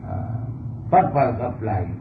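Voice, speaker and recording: A man, explaining scripture in conversation, slow and halting with repeated words. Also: fairly low pitch, sing-song, gravelly. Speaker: spiritual teacher in conversation. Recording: tinny, echoey, distant, with faint hiss.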